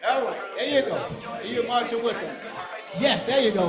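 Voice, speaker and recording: High-voiced playful man leading kids. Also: moderate pace, over music. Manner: playful, teasing, energetic. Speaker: VBS program leader. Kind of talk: leading children's activities. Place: large church hall. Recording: echoey hall with crowd.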